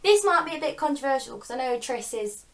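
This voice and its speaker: A young woman co-hosting a book vlog, animated and exasperated as she mock-quotes characters. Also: sits high, fast. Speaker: book channel co-host. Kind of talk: casual chat.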